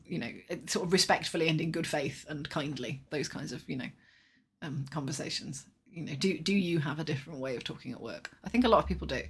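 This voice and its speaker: A podcast co-host with a deep, husky, fairly bright voice chats casually and thoughtfully, hedging a lot and laughing often.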